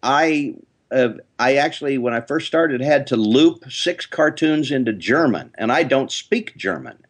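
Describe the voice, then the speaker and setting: An older man, a voice actor, telling lively interview anecdotes. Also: mid-range voice, measured pace. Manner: lively storyteller, slips into character voices. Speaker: voice actor guest.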